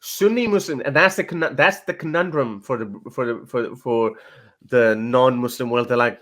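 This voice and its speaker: Halting male host in casual chat. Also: medium pitch, lively intonation, a bit bright. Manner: halting, with many restarts.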